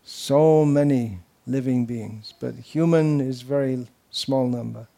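A man delivering a devotional lecture to a gathered audience. He talks in a loose, rambling way, full of anecdotes and teasing asides, his voice sitting at an ordinary middle pitch. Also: slow, vocal fry, warm tone. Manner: wandering, anecdotal, with mocking asides. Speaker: spiritual teacher.

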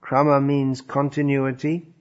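A man teaching a lecture on scripture, thoughtful and pausing often with fillers, on a dull lo-fi recording. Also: mid-range voice, completely flat delivery. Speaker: religious teacher.

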